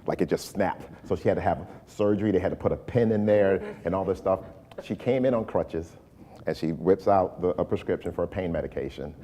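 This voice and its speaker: A man's voice: low-pitched, a little fast. A man chatting as a guest on a talk show, telling stories and acting out what people said. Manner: storytelling, animated when acting out quotes. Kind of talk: casual talk-show chat.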